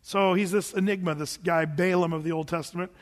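A man preaching a sermon, retelling a story in an animated, conversational way with fillers and restarts. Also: sits high, a little fast, long reverb tail.

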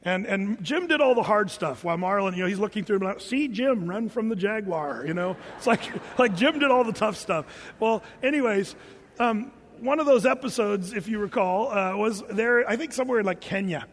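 A man's voice: high-pitched, lively intonation, moderate pace, big-room sound. An older man preaching a sermon, telling stories with humor and sound effects. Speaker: pastor.

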